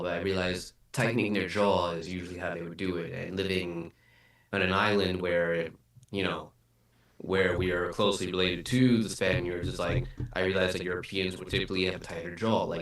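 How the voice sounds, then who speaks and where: Deep-voiced man explaining in an echoey room. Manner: explanatory, methodical. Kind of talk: casual panel chat. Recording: very echoey, distant mic.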